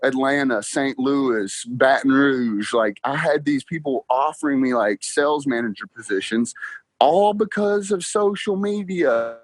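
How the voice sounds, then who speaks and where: A young man chats about his work, acting out his own dialogue and laughing often. His voice is mid-pitched and lively. It sounds close and dry. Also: a little slow, no room sound. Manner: animated storyteller, acts out dialogue, laughs often. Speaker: podcast guest, car salesman. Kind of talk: casual interview chat.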